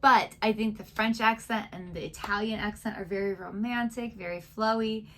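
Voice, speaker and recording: A woman's voice: medium pitch, steady tone, normal speed, a bit bright, a little hiss or hum. A woman co-hosting a reaction video, giving opinions in a chatty, casual way. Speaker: co-host of a reaction channel.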